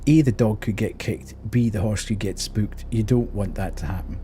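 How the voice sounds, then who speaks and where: A man's voice: fairly low pitch, normal speed, dark tone, slight background noise. A man, streaming and telling an exasperated story in casual chat while laughing often.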